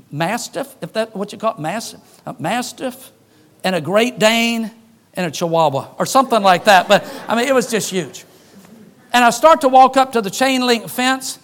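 A man preaching a sermon, an animated storyteller who jokes and acts out the dialogue in his stories. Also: sits high.

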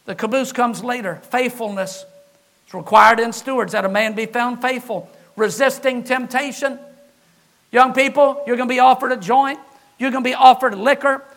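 High-voiced, bright-toned preaching pastor. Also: male voice, steady tone, moderate pace. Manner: impassioned preaching, shouting on key words. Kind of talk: sermon.

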